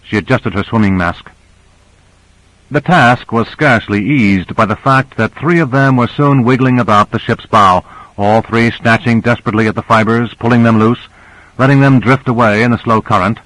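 Dry, steady male audiobook narrator. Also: mid-range voice, no room sound, rough recording. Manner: steady, measured reading.

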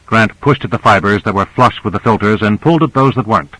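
Dry, steady male audiobook narrator. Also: on the low side, no room sound, rough recording. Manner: steady, measured reading.

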